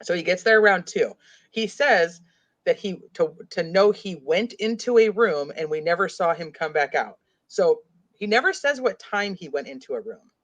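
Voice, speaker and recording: A woman's voice: lowish voice, expressive, normal speed. Woman, host, casual true-crime chat, rambling, says "like" a lot, reads comments aloud, muffled lo-fi sound. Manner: rambling, heavy use of "like". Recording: dull lo-fi audio.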